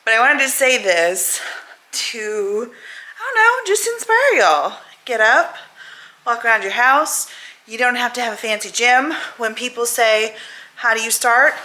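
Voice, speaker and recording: A woman's voice: a little high, steady tone, measured pace, sharp tone. A woman vlogging in a chatty, upbeat way, saying "y'all" and "girl", and at times out of breath from walking. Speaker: weight-loss vlogger. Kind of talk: casual chat to camera.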